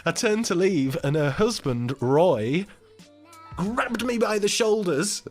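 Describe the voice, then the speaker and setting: A man chats on a livestream, spinning a heated story and acting out everyone's lines. His voice sits a bit high and jumps around with energy. Faint music plays behind him. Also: takes it slowly. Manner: animated, swearing, acts out quoted people. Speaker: livestream host. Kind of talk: casual storytelling chat.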